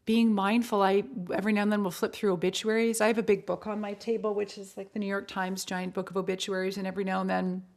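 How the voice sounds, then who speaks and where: Woman guest on a podcast, average pitch, animated and chatty, tumbling out thoughts with lots of "like" and "um". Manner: animated, talks in quick bursts with many fillers. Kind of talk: casual interview chat.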